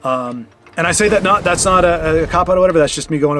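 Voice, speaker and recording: A man's voice: on the high side, fast, fairly bright tone, slight background noise. A man streaming a card game, chatting casually and loosely, talking back at his opponent with mock outrage. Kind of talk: casual gameplay commentary. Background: faint game music.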